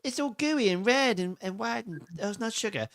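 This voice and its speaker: A man's voice: high voice, animated, moderate pace, fairly bright tone, pitched above the performer's own voice. Name: Eric Cartman. Figure: whiny cartoon boy, done by a man. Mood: disgusted. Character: foul-mouthed cartoon schoolboy.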